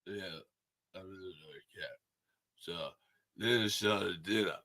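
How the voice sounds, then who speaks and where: A man doing an impression of a boastful male eighties action movie star with a low, slurred mumble. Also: measured pace, pushed and bright, no echo, exaggerated voice.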